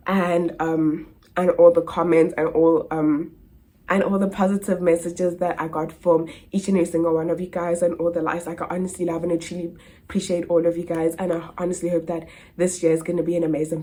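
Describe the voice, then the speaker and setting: A woman's voice: fairly low pitch, warm tone. A young South African woman in her twenties, an au pair answering viewer questions in a casual vlog, chatty and full of "like" and "literally". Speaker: au pair vlogger.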